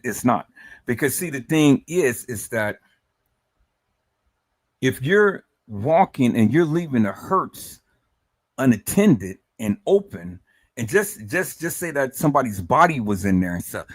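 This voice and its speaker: A livestream host speaks at a medium pitch, emotional and emphatic, repeating words and stammering. He keeps calling his viewers "people."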